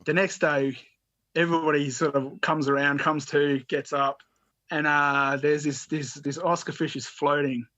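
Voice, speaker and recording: A man telling a rambling anecdote as a guest, his voice a touch high. He restarts often and swears casually, heard on a dull, lo-fi, dry recording. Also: little pitch movement, normal speed, sharp tone, no room sound. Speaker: podcast guest, musician. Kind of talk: casual storytelling.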